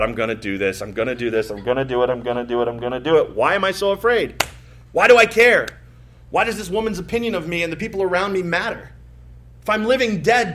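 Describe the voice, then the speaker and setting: A pastor preaching a sermon, telling personal stories and rising from quiet asides to emphatic points. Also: male voice, sits high. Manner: storytelling, swings from soft asides to emphatic rises.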